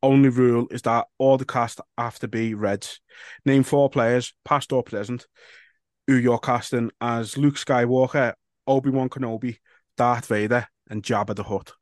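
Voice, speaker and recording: A man's voice: mid-range voice, steady tone, normal speed, dry recording, studio quality. A man, co-hosting a football podcast and reading out listener questions in a laid-back, sweary, wry way. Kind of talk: casual football chat.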